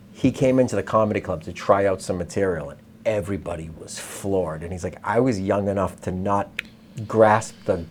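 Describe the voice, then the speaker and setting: A man in casual chat, retelling a story with lively quoted voices. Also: on the low side, slight background noise. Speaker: host.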